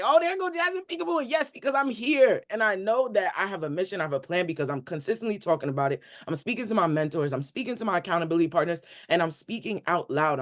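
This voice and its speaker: A man speaking on a group coaching call, giving an emphatic, repetitive motivational talk in casual slangy speech. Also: high-pitched. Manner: emphatic, repetitive, preacher-like build-ups. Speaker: community member on a coaching call.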